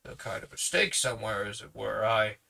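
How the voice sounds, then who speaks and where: A storybook reader voicing a gruff, rude middle-aged policeman who speaks sarcastically. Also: medium pitch, expressive, moderate pace, bright, forceful tone, exaggerated voice. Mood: sarcastic. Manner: sarcastic, mumbling.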